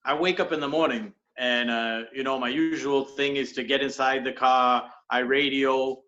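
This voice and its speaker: A man improvising a comedy scene over a video call, earnestly playing an odd cop with absurd deadpan logic. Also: mid-range voice, moderate pace. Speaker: improv performer. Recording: dull lo-fi video call audio.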